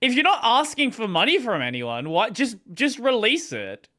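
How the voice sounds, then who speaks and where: Sarcastic high bright-voiced man. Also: huge pitch swings, moderate pace. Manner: wry sarcastic interjections. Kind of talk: casual chat on stream.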